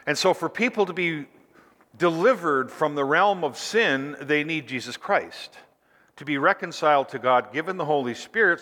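A man's voice: mid-range voice, sharp tone, long reverb tail. A man preaching a sermon as pastor, stretching key phrases out for emphasis.

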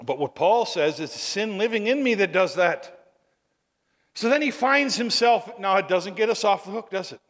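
Bright high-voiced preacher in a reverberant hall. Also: male voice, normal speed. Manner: animated storytelling, with tag questions to the congregation. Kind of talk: sermon.

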